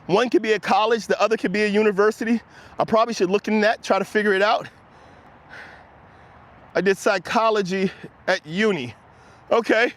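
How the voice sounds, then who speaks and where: A man's voice: sits high, a little fast, long pauses, fairly bright tone. A man hosting a casual livestream, chatting loosely with his viewers and laughing often as he rambles. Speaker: livestream host reading chat.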